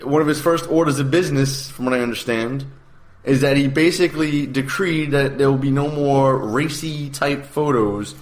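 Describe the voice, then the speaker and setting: A man co-hosting political talk radio, ranting emphatically and at times shouting. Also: medium pitch, normal speed. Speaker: co-host. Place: radio studio.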